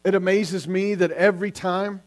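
High-voiced man preaching a sermon. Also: little pitch movement, moderate pace. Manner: earnest preaching with repeated questions, sometimes restarting words. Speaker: pastor.

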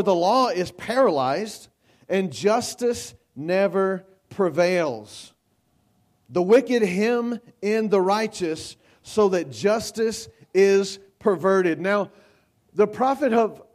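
A pastor delivers a sermon in a fairly high male voice. He speaks slowly and emphatically, often restarting and repeating phrases, and lifts into pleading cries when he reads scripture aloud. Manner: slow, emphatic preaching with rising cries when quoting scripture.

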